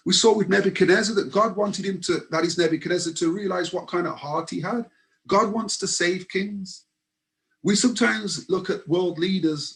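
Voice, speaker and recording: A man presenting an earnest Bible study, often repeating words and restarting his sentences as he explains. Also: sits high.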